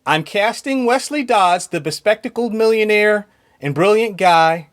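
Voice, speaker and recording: Enthusiastic man with a higher voice. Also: a little slow, a bit bright. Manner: enthusiastic, laughs often between points. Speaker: podcast co-host. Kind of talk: casual chat.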